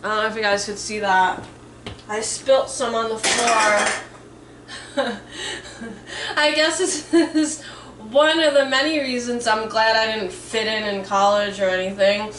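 A woman's voice: a little high, fairly even intonation, normal speed, noisy background. A woman around thirty vlogging casually at home, nervous, swearing freely and saying "like" a lot. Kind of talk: casual chatty vlog. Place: home kitchen. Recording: echoey room, mic some distance off.

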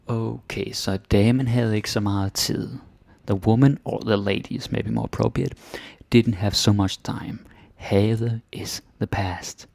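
Gravelly Danish teacher explaining grammar. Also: male voice, on the low side, steady tone, moderate pace, darkish tone, dry recording. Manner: chatty, adds "ikke?" tags, drops to whispers.

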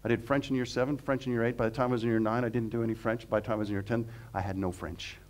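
A middle-aged man from Canada, a professor giving a humorous, animated seminar talk that mixes jokes into the teaching. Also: medium pitch, very fast. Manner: animated, joking, acts out quotes. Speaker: guest speaker, professor.

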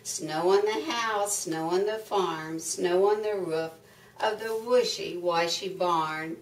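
A woman's voice: on the low side, takes it slowly. An older woman reading a picture book aloud to young children, sing-song and full of exclamations. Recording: echoey room, mic far off.

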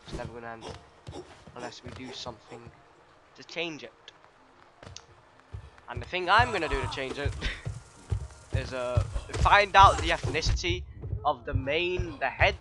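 A man's voice: on the high side, expressive, a little slow, long pauses. A man giving let's play commentary, ranting sarcastically and swearing often as he rambles. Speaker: gaming YouTuber. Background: loud game music.

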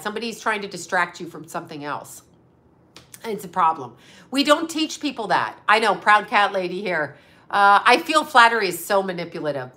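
A woman's voice: mid-range voice, pushed and bright. A middle-aged woman hosting a casual livestream chat as a psychic medium, blunt and sarcastic, swearing freely. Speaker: psychic medium and astrologer host.

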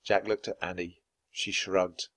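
A man reading a children's storybook aloud for English learners in a clear, steady, measured way. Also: low voice. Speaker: storybook reader.

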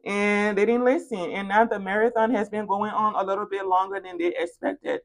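A woman giving a tarot reading, animated and playful and speaking straight to the viewer, sometimes dropping into soft asides. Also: mid-range voice, a little fast, vocal fry, hardly any pauses. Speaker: tarot reader. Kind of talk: spoken tarot reading to camera.

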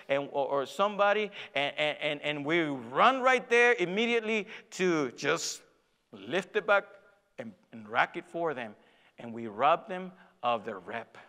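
Bright-voiced man preaching in a hall. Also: on the high side. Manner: storytelling, acts out dialogue, laughs at himself. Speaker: pastor. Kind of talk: sermon.

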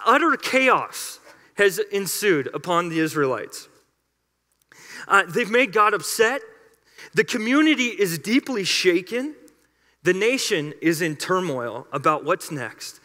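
A man's voice: high-pitched, sharp tone. A man preaching a sermon as a pastor in a church, telling the story in an emphatic, conversational way. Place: church sanctuary. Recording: reverberant church hall.

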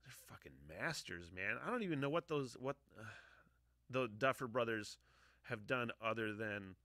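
A man's voice: medium pitch, animated, moderate pace, sharp tone, no room sound, clean studio sound. A man in his forties hosting a podcast, rambling casually, swearing a lot and sighing often. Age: 40s. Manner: profane, emotional, sighing often. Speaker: podcast host.

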